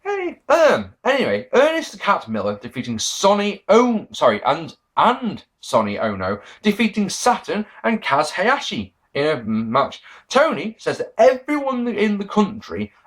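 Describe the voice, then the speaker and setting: Sarcastic guy reviewing old wrestling, swears a lot, voice jumps all over the place, a bit high. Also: wildly swooping pitch, unhurried, hardly any pauses, a bit bright. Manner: sarcastic, profane, mock-quoting people. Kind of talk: casual review monologue.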